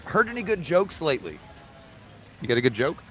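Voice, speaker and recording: A man hosting a casual podcast chat rambles through his questions and jokes, putting on voices for the jokes. His voice is a little high, sing-song, brisk and sharp.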